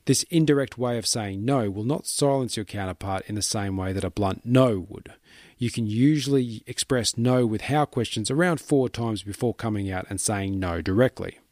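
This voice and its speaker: Low-voiced man reading a summary, dry. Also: dry recording. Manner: even, measured reading. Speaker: book summary narrator. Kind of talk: scripted narration.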